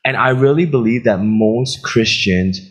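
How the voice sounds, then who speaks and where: Husky Australian pastor, animated storyteller. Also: male voice, medium pitch, a little slow. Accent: Australian, with some American. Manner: animated storytelling, laughs at own jokes. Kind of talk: sermon.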